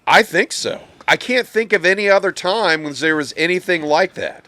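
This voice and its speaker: Lively, bright-voiced man in casual chat. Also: sits high, moderate pace, dry recording. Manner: rambling, profane, laughs loudly. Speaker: podcast co-host.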